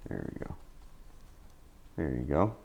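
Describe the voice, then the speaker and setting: A man teaching oil painting in a casual tutorial, tired after a long day, talking in relaxed, repetitive encouraging asides. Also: very deep voice, slow pace, gravelly, slightly rough. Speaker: painting instructor.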